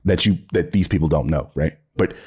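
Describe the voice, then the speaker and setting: Rumbling low, husky and a little mellow, this man speaks a bit fast as he reacts to a video. He's a commentary YouTuber from the United States, sarcastic and exasperated, swearing a lot and laughing in disbelief throughout his casual, profane reaction.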